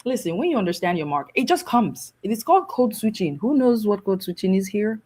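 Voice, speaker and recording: A woman from Nigeria, a guest on a talk show, telling stories in a lively way with frequent laughs. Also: mid-range voice, brisk, poor audio. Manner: lively, laughing, switches into mimicked voices. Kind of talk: animated storytelling talk.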